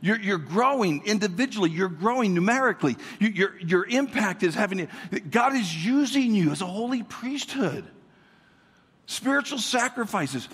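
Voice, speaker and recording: As a guest pastor, a man with a notably high, slightly husky voice delivers an energetic sermon at normal speed, repeating words and calling on the congregation to answer. Long reverb carries his voice through a large church hall.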